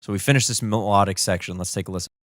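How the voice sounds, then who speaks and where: A man explaining how he is composing and arranging a song during a livestream. He thinks aloud with enthusiasm and sings rhythms and melody lines out loud to show his ideas. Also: fairly low pitch, fairly even intonation, very fast. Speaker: musician streaming his composing session. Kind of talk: casual explanatory livestream talk.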